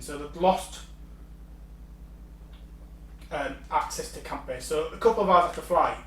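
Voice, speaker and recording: Blunt, sweary man, higher voice. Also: fairly bright tone. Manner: blunt and sweary, quick to rant. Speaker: podcast co-host. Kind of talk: casual podcast chat. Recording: roomy, distant mic, faint hum.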